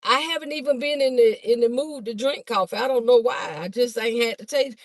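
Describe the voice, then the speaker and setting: A woman chatting fast on a phone livestream to her viewers, a bit out of breath as she walks from a car through a garage into a house. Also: fairly high pitch, no echo. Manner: chatty, talks fast to viewers, calls them "y'all". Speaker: livestream host and vendor. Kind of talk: casual livestream chat to viewers. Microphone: phone held by hand.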